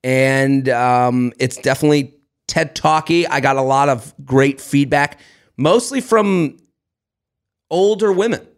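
A young man co-hosting a podcast, telling a story in lively casual chat and acting out the voices of people in it. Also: medium pitch, measured pace, clear, resonant tone. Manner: animated, acts out voices, swears and laughs. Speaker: podcast co-host.

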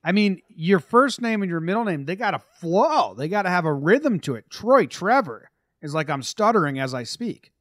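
A man's voice: high voice, moderate pace, no room sound, studio quality. A man co-hosting a casual sports podcast, joking around and sometimes dropping to a mumble. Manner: jokey, animated, drops to mumbles. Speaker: podcast co-host.

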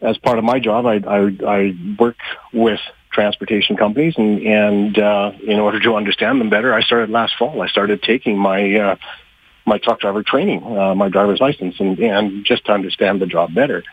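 A man who works with trucking companies, answering radio interview questions in a halting way with many fillers and restarts, a little out of breath. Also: fairly low pitch, fairly even intonation, slightly rough, no echo. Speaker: trucking industry guest. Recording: muffled phone-like line, dry.

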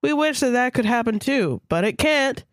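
A woman's voice: on the high side, expressive, normal speed, dry recording. A woman co-hosting a podcast, reading a story aloud with casual, crude asides. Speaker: podcast co-host.

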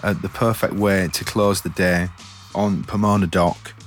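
Low-voiced jokey male podcast host. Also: little pitch movement, a little slow, faint music behind. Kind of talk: casual podcast chat.

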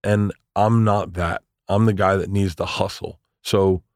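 A man in his forties, a comedian, telling stories in a casual interview, animated and swearing, acting out the voices of people he quotes. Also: low-pitched, unhurried, vocal fry, no room sound, clean studio sound. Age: 40s. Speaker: comedian guest.

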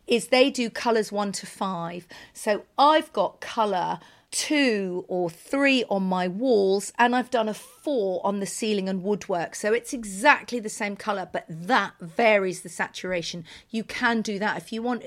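A woman co-hosting a podcast, chatting playfully about decorating and teasing her co-host. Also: medium pitch. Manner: playful, chatty, self-mocking. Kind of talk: casual chat.

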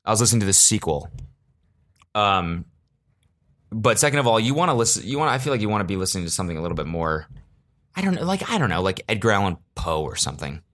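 A man with a lowish voice talks loosely through a story on his podcast. He rambles, swears often and throws in sarcastic jokes that he then walks back. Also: very animated, quick pace, fairly bright tone. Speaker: podcast host. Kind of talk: casual comedic storytelling.

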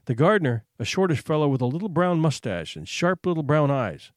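Man reading a story with lively expression. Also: on the high side, fairly quick, no room sound, studio quality. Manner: expressive, suspenseful, hushed for tension. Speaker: narrator. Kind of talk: dramatic reading of a short story.

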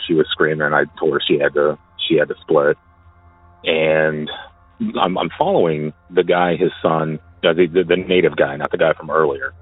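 A very low-voiced man recounts a story in a casual, halting way, stumbling and repeating words. He is heard through a tinny, phone-like line with a dry sound. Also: dry recording. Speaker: caller sharing a personal story.

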